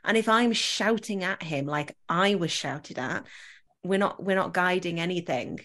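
Woman, thirties, podcast host, animated storytelling, fairly low pitch. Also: a little slow. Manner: animated storytelling, acting out quotes with laughs. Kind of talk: casual conversational interview.

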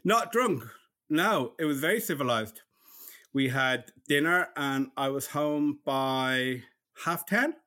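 A man with an Irish accent and a lisp, chatting casually as a podcast co-host, talking fast with a mumble and frequent laughs. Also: medium pitch, animated, bright, forceful tone. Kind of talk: casual chat.

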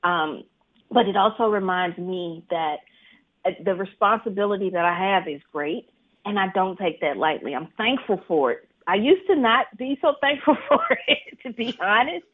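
A woman from Mississippi, an author, telling stories in an animated way from home, laughing often and acting out what people said. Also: normal speed, breathy edge. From Mississippi, USA. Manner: animated, laughs often, acts out quotes in a higher voice. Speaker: author being interviewed. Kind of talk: casual storytelling interview. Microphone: video call. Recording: tinny video-call audio.

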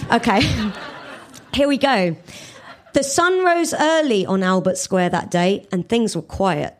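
A woman comedian from England reading her own comic fan fiction aloud to a live audience, with quick asides to the crowd. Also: mid-range voice.

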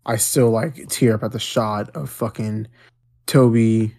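A man's voice: on the low side, fairly even intonation, measured pace, darkish tone. A man co-hosting a casual podcast, laid-back, stammering at the start of thoughts and swearing casually. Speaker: podcast co-host. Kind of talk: casual movie review chat.

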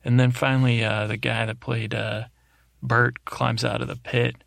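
A man's voice: medium pitch, flat delivery, moderate pace, gravelly, fairly bright tone, no room sound. A man hosting a podcast, telling a meandering bedtime story in a droning, self-interrupting way that is meant to help listeners fall asleep, close to the microphone. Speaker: podcast host. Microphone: close studio microphone.

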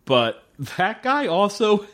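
A man's voice: high voice, big pitch swings, slow, a bit bright. A man co-hosting a podcast, recapping a TV episode in casual chat, laughing often and swearing freely. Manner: laughing, profane, rambling. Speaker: podcast co-host.

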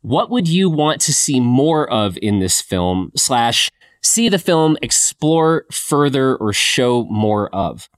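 A man's voice: medium pitch, slow pace, few pauses. Man hosting a casual film podcast. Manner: relaxed, thinking aloud with fillers. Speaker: podcast co-host.

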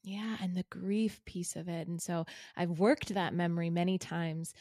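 Lower-pitched woman host from Canada, earnest and reflective, dry mic. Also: fairly even intonation, moderate pace, no room sound. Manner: earnest, thoughtful, with soft affirming murmurs. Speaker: podcast host. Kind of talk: reflective conversation.

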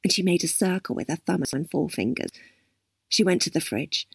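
A woman narrating a story aloud, unhurried and expressive. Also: fairly low pitch, creaky, breathy edge, no echo, clean studio sound.

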